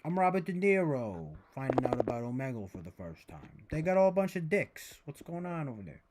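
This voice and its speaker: Male streamer doing a gruff, incredulous film-actor impression. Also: medium pitch, very animated, fairly quick, background noise, lightly acted.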